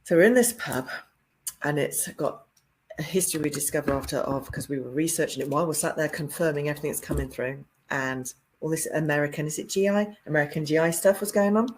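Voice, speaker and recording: A woman, a psychic medium, chatting casually and animatedly, often laughing and jumping up into a high voice to act out quotes. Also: fast, slight background noise. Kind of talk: casual storytelling chat.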